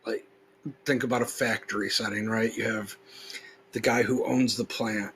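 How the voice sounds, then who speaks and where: A man hosting a podcast, reading a text aloud slowly and with weighty emphasis, then explaining it in loose, casual talk. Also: on the low side, fairly even intonation, fairly bright tone, slight background noise, rough recording. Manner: slow, emphatic recitation when reading; loose, conversational, with fillers when explaining. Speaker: podcast host.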